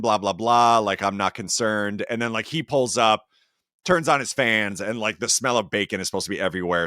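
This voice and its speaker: A man's voice: fairly low pitch, no room sound, studio quality. A man hosting a podcast, chatting casually about a film in a rambling way, full of fillers. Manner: rambling, heavy use of "like", animated rises. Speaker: podcast host. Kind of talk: casual movie review chat.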